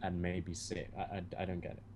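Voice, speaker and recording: A man's voice: deep voice, monotone, fairly quick, background noise. A man co-hosting a casual gaming chat, talking in hesitant, stammering restarts. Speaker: co-host.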